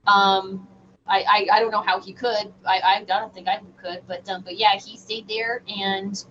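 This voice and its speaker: A woman guest on a radio show, telling a personal story in an animated, halting way with many fillers. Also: mid-range voice. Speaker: guest medium. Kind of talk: casual storytelling in a radio interview. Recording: distant, dull lo-fi sound with faint noise.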